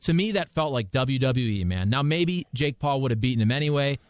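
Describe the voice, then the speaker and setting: A man hosting sports radio in a measured, wry, conversational tone. His voice is mid-pitched and dry, as if close to a studio mic. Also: animated, smooth, no echo.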